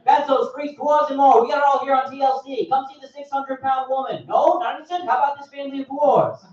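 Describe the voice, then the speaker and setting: A man voicing a loud, showy male carnival barker hawking to a crowd, caught in an echoey, distant, dull live recording. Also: very high-pitched, steady tone, fast talker, pitched above the performer's own voice.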